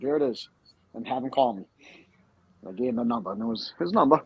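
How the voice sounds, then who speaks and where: Podcast host, man, gravelly, dry close mic, spiteful profane storyteller. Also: mid-range voice, expressive, fast, no echo, dull audio. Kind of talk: crude casual banter.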